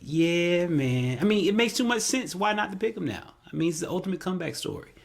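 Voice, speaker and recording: A man co-hosting a golf talk show, chatting casually and excitably, often repeating himself. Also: high voice, fairly quick, gravelly. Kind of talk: casual sports chat.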